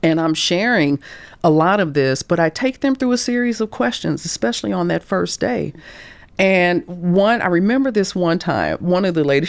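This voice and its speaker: A middle-aged career coach shares candid stories on a podcast, animatedly acting out the voices she quotes and sometimes dropping to a whisper. Her voice is on the low side and creaky, delivered at normal speed in a dry recording.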